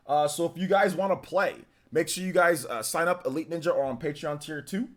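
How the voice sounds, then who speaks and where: A man's voice: fairly high pitch, expressive, normal speed, hardly any pauses. A young adult man with a light Northern Californian accent, hosting a live stream and chatting casually through viewer comments with lots of fillers. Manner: rambling, filler-heavy, easygoing. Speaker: livestream host.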